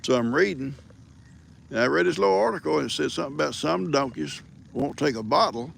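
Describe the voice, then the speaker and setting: Older man, gravelly, slightly high voice, folksy teasing host. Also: lively intonation, a little fast, a bit bright. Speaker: livestream host. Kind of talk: casual rambling storytelling.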